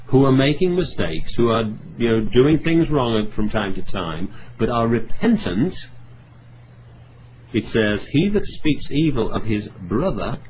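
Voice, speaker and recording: A man preaching a sermon, reading scripture aloud and driving home points with earnest emphasis and asides. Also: mid-range voice. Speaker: pastor. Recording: slightly dull sound with faint background noise.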